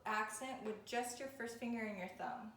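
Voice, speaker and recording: A woman's voice: a little high, normal speed. A woman violin teacher giving a patient, step-by-step video lesson. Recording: echoey room with faint noise.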